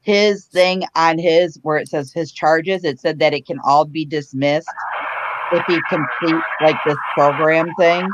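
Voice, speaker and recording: A woman's voice: low-pitched, fairly even intonation, a little slow. A mother talking in casual chat, outspoken and blunt. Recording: dull lo-fi with background noise.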